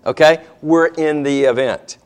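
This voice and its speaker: A man's voice: on the high side, a little slow, clean tone. A man preaching a sermon, telling a Bible story dramatically and acting out the characters.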